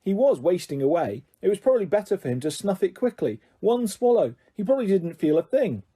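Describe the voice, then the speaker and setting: A cheeky teenage joker talks in a raised, mock-serious voice, as a man voices him for a storybook. The delivery is mellow and slightly husky. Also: high voice, very animated, fairly quick, heavily acted. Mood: cheeky bracing. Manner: bracing, wisecracking. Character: joking teenage boy, cheeky older brother.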